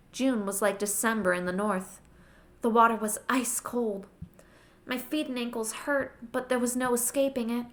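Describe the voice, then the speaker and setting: A young adult woman with a somewhat high voice narrates a chapter aloud in the first person, keeping the reading plain and unhurried. She records under a heavy blanket at home. When she finishes, she talks to her listeners in a loose, chatty, self-mocking way. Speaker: amateur audiobook reader. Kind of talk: first-person audiobook narration and casual sign-off.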